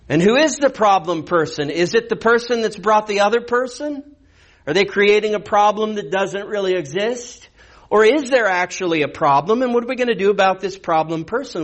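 A man preaching a verse-by-verse sermon in a conversational teaching manner, posing rhetorical questions. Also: a little high. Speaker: pastor. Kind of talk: expository sermon.

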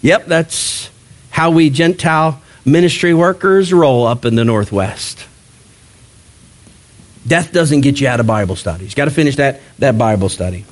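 A man preaching a sermon as pastor, in a conversational, animated style that slips into mock voices. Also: medium pitch, moderate pace.

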